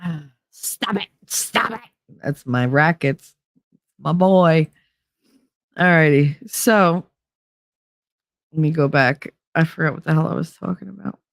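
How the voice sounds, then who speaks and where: A woman's voice: sits low, measured pace, vocal fry, pauses often, no echo, studio quality. Chatty woman hosting a livestream. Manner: rambling, chatty, talks to viewers by name. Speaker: livestream host. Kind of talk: casual livestream chat.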